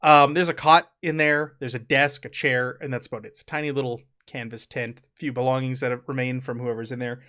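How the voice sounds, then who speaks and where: A man's voice: medium pitch, steady tone, fairly quick, few pauses, sharp tone, clear, resonant tone. A young man narrating a tabletop game as game master, laughing often as he describes scenes.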